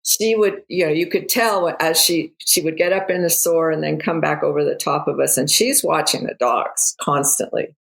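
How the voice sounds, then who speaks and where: A woman's voice: deep voice, fairly even intonation, moderate pace, gravelly, few pauses, rough recording. A woman, a guest falconer, chiming in and finishing stories in a podcast conversation.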